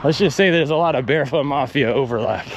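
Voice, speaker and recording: The recording is muffled and very noisy as a man with a mid-range voice talks fast while out on a run. In this casual vlog monologue he drops wry, ranting asides between strides.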